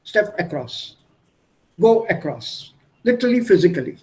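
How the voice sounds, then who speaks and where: A man's voice: sits high, sing-song, moderate pace, mellow. A man teaching German in an online one-on-one lesson over a video call, patiently explaining by repeating synonyms. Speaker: German tutor.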